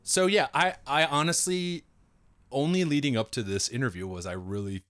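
A man guesting on a comedy podcast, a relaxed storyteller with a dry close sound. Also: medium pitch, moderate pace, dry recording. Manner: relaxed storyteller, acts out quoted voices. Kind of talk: casual comedic chat.

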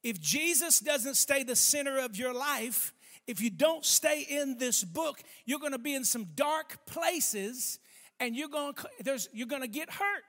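A man preaching a sermon, speaking emphatically, stretching key words slowly and calling for responses from the congregation. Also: extremely high pitch, lively intonation, fairly bright tone. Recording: long hall reverb.

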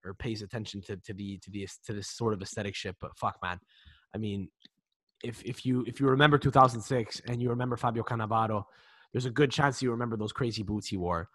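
A man's voice: on the low side, fairly even intonation, fast talker, fairly bright tone, no room sound. A man in his twenties co-hosting a football podcast, chatting casually with frequent swearing, laughter and restarts. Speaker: podcast co-host. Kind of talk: casual chat.

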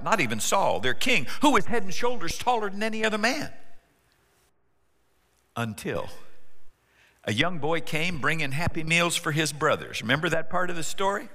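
A man preaching a sermon in a church, telling the story with jokes and playful asides. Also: fairly high pitch. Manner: animated, joking storyteller. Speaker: pastor. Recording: long hall reverb.

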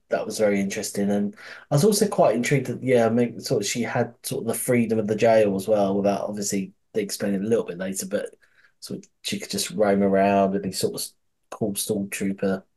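A man's voice: on the low side, fairly even intonation, a little fast, mellow, breathy edge. A man co-hosting a podcast, rambling casually about a TV series, with frequent restarts and swearing. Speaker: podcast co-host.

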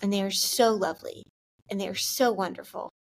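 Young adult woman, Christian vlogger, candid and earnest, middle pitch. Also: steady tone, a little fast. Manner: earnest, candid, filler-heavy with frequent "like". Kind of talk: heartfelt faith talk to camera.

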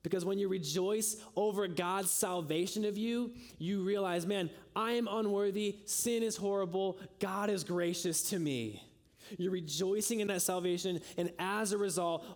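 A young man delivers a sermon in a somewhat high voice. He preaches earnestly, lifting to emphatic peaks and letting phrases fall soft and low. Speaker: pastor.

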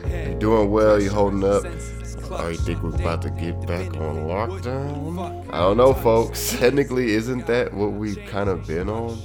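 A man's voice: on the low side, unhurried, music in the background. A man hosting his podcast in a loose, profane, joking monologue, his voice nasal and congested from a cold. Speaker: podcast host. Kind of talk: casual monologue.

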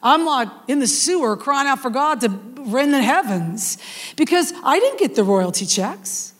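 A middle-aged woman preaching a sermon in an animated storytelling manner, with frequent restarts and asides. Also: high voice, measured pace. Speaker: worship leader preaching. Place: church hall. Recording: long hall reverb.

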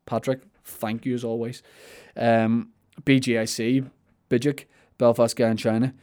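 A man's voice: medium pitch, warm tone. Rambling young man hosting a podcast. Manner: rambling, self-interrupting, with restarts and playful asides. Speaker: podcast host. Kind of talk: casual chat, answering listener questions.

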